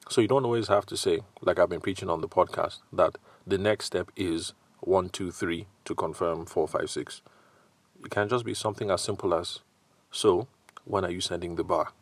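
A man's voice: deep voice, dry recording. A man with a Nigerian accent hosting a solo sales podcast, talking conversationally and acting out quoted customers and salespeople. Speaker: podcast host and sales consultant.

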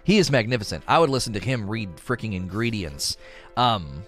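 A man chatting casually on a livestream, rambling and animated as he reads chat aloud. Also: on the low side, normal speed, soft background music. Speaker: streamer reading chat.

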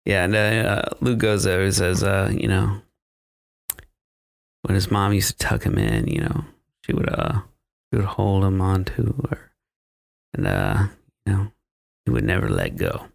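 Very deep gravelly guy on a podcast, rambling and swearing through a movie recap. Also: expressive, measured pace, pauses often. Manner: rambling, profane, laughing often. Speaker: podcast co-host recapping a film. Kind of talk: casual chat.

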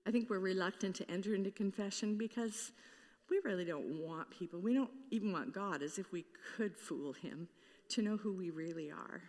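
A woman's voice: medium pitch, moderate pace, a little mellow, in a large hall. A woman pastor preaching a sermon in an earnest way, now and then acting out the voices she quotes.

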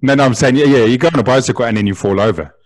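A man's voice: medium pitch, racing, no echo. A man hosting a podcast interview, asking long rambling questions and giving short acknowledgments. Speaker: podcast host.

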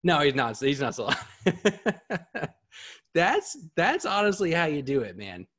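A man hosting a live podcast, talking in a casual, excitable, rambling way and swearing freely. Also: fairly high pitch, measured pace, husky. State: a bit out of breath. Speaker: podcast host.

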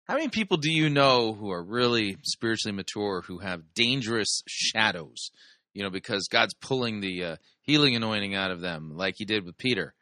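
Sarcastic low-voiced male host. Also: lively intonation, normal speed, sharp tone, dry recording, studio quality. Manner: sarcastic, mocking. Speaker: podcast host reviewing a sermon. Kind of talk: commentary.

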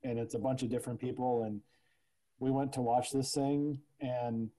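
A man with an extremely dark, mellow voice chats loosely as host. He swears freely and strings his thoughts together with fillers. His pitch sits in the middle. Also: flat delivery, normal speed, poor audio. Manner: loose and profane, heavy fillers. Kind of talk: casual chat.

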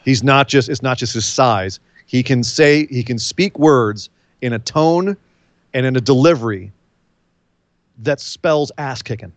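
A man co-hosting a casual wrestling podcast, telling match stories with energy and quick asides. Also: medium pitch, no room sound. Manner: animated storyteller, mimics wrestlers' voices. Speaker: podcast co-host. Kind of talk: casual wrestling recap chat.

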